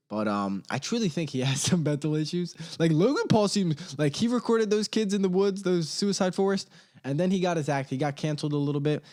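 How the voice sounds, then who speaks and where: A young man riffs alone on his comedy podcast, his voice sitting at an ordinary middle pitch. He rambles in loose slang, jumps from story to story and breaks into laughter at his own jokes. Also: a little mellow. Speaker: podcast host. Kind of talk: casual comedic solo podcast. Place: home studio. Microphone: studio mic.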